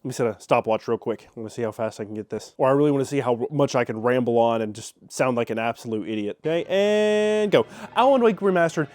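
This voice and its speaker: A man's voice: mid-range voice, animated, fast, few pauses, darkish tone, no room sound. A man giving a casual, jokey game review, rambling and cutting himself off. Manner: rambling, jokey, self-interrupting.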